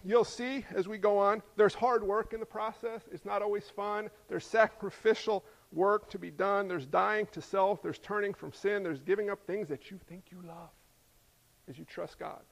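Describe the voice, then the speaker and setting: A man preaching a sermon as pastor, lively and joking, peppering the congregation with rhetorical questions. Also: high-pitched, normal speed, vocal fry. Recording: long hall reverb.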